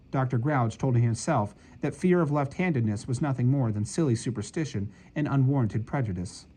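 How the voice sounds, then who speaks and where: A man reading aloud, voicing a firm, educated woman guardian who speaks crisply and with authority, in an audiobook. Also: mid-range voice, mellow, lightly acted, rough recording. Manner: crisp and commanding.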